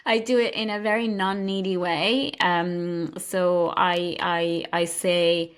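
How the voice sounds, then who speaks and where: A woman's voice: fairly low pitch, little pitch movement, takes it slowly, smooth. A woman guest on a podcast, chatting reflectively and laughing lightly between thoughts. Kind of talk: casual chat.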